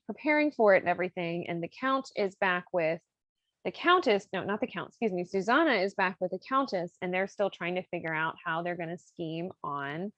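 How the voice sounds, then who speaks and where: A woman's voice: mid-range voice, no room sound. Woman hosting a podcast, chatty, swears a lot, dull dry recording. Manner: chatty, swears freely, acts out quotes. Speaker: podcast host. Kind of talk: casual retelling of an opera plot.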